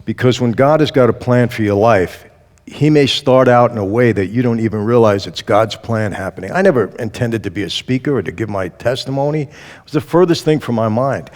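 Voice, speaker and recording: A man tells his story as an interview guest, animated and acting out each quoted exchange. His voice sits at an everyday male pitch. A long reverb hangs behind it, as if recorded in a large hall. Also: brisk. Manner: lively storyteller who acts out quoted dialogue. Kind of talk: storytelling testimony.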